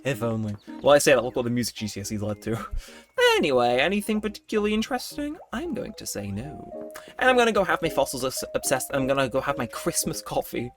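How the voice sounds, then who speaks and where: Young male let's-play host, mid-pitched and chatty, self-deprecating, with faint game music underneath. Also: big pitch swings, fast, fairly bright tone. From United Kingdom. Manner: chatty, self-mocking, rambling with frequent laughs and fillers. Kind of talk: casual gameplay commentary.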